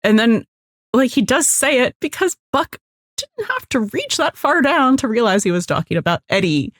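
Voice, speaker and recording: A lively woman co-hosting a podcast, talking through a TV episode and acting out the characters' lines with a lot of swing in her voice. Her tone sits a bit high, and the sound is dry and close to the mic. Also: normal speed, dry recording. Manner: animated, acts out lines in quoted voices, swears freely. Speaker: podcast co-host. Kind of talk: casual chat recapping a TV episode.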